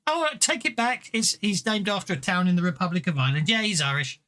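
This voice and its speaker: A man narrating as game master of a tabletop game, halting and amused. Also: high-pitched, expressive, bright, forceful tone. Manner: halting, self-interrupting, amused.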